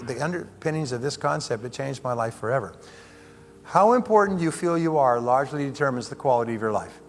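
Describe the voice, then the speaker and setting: A man giving a live seminar talk as a motivational speaker, joking and getting the audience to repeat phrases after him. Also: mid-range voice. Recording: roomy hall reverb with faint music.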